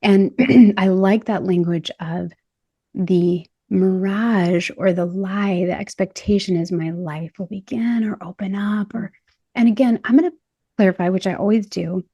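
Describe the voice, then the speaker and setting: Animated woman on a podcast. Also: mid-range voice, measured pace, breathy edge, dry recording, highs cut off. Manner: animated, laughs often, acts out quotes. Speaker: podcast host and body image coach. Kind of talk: casual podcast conversation.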